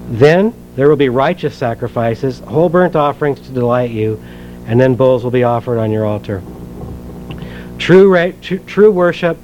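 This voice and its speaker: A man's voice: mid-range voice, a little mellow. Guy preaching a sermon, chatty, asks the crowd stuff, kinda muffled recording. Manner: conversational, asks the congregation questions. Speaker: pastor.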